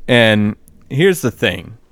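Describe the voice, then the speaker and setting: A man's voice: on the low side, very animated, slow, fairly bright tone, no echo. A man co-hosting a podcast in casual political chat, blunt and profane, leaning on "like" as filler. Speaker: podcast co-host.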